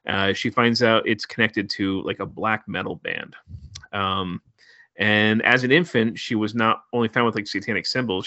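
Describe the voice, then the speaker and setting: Bright-voiced man reviewing a horror film. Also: fairly low pitch, dry recording, highs cut off. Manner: laid-back, filler-heavy, wry. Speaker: podcast co-host. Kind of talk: casual movie review chat.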